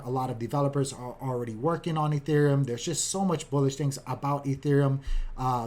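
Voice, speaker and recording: A man, a father of a young child, giving a casual, upbeat market recap in quick, chatty commentary. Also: medium pitch, darkish tone. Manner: upbeat, keeps saying "guys", talks fast.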